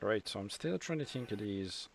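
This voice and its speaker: A man's voice: on the low side, animated, moderate pace, vocal fry, a little hiss or hum. An Irish man hosting a casual hobby livestream, bantering, swearing and reading out chat comments. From Ireland. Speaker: host.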